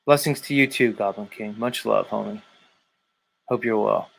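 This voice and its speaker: A man's voice: lowish voice, moderate pace, vocal fry, a bit bright. A man in his forties hosting a live stream, loosely bantering with viewers, greeting them by name and swearing now and then. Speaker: livestream host. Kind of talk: casual chat reading viewer comments.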